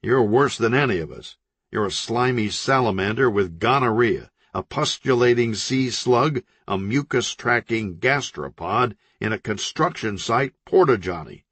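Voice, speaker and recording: A man voicing a blunt, irritable male crime boss who talks in a gruff, impatient, insulting way. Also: mid-range voice, expressive, a little slow, fairly bright tone, no echo, heavily acted.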